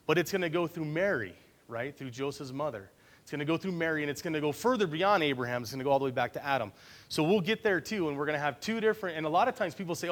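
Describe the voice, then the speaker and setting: A man preaching a conversational Bible-study sermon, often checking in with his listeners by asking "right?". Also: fairly high pitch.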